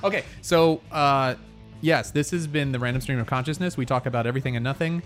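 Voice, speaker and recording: A man's voice: mid-range voice, fast, fairly bright tone, soft background music. A man hosting a podcast in casual chat, rambling and teasing with many fillers and restarts. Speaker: podcast host.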